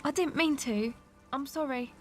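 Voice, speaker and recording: A sullen young woman in a video game talks bluntly and flatly. She sounds weary and offhand. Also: high-pitched, a little slow.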